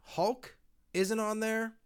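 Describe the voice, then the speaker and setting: A man's voice: high-pitched, little pitch movement, drawn-out words, clear, resonant tone. A young man co-hosting a podcast, chatting casually and rambling with lots of fillers. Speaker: podcast co-host. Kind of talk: casual chat.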